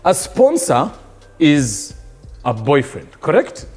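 A man hosting a podcast, quizzing his co-host in lively, laughing casual chat. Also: fairly high pitch, slow pace, music in the background. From Uganda.

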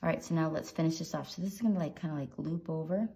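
A woman's voice: low voice, quick pace, vocal fry, mellow. A woman hosting a drawing tutorial, chatty and encouraging, with playful little sound effects while she sketches. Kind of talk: casual drawing tutorial narration.

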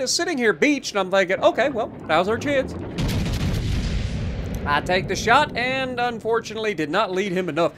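High-pitched guy doing sarcastic game commentary, super lively and up-and-down delivery. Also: a little hiss or hum. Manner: sarcastic, chatty, teasing. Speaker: gaming YouTuber. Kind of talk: casual gameplay commentary.

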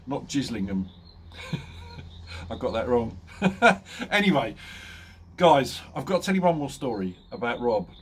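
A man's voice: medium pitch, slight background noise. A man vlogging casually, telling a funny story with lots of ums and laughing often. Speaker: motorcycle vlogger.

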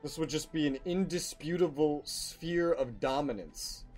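A man's voice: a little high, unhurried, a little mellow, faint music behind. A man from the United States playing a strategy game in co-op, talking bluntly and offhand. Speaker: co-op gamer. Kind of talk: casual gameplay chat.

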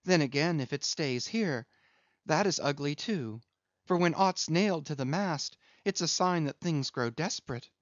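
A man's voice: a little high, expressive, normal speed, no room sound, natural voice. A man reading aloud as a crazed young male cabin boy who rambles in singsong chants. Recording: dull lo-fi dry recording.

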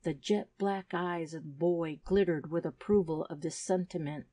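A woman narrating a classic adventure story in an even, measured reading voice on a close mic. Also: fairly low pitch, dry recording. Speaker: audiobook narrator.

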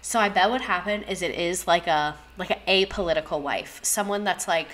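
A young woman hosts a casual livestream, talking straight to her viewers. Her voice sits a little low, and she reacts in bursts of gasps and profanity. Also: brisk, few pauses. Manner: animated, gasping, profane, talks to chat directly. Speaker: livestream host.

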